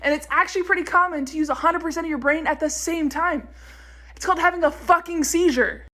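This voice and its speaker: A woman's voice: very high voice, quick pace, pushed and bright. A young woman delivering a blunt, swear-heavy comic list of facts in a mock-authoritative tone. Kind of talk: deadpan fact-listing comedy rant.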